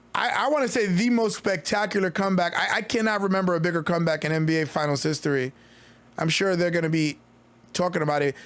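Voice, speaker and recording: A man streams thrilled play-by-play of a basketball game, shouting exclamations and firing off rapid calls as his high-pitched voice goes hoarse. He is losing his voice, and there's no room sound.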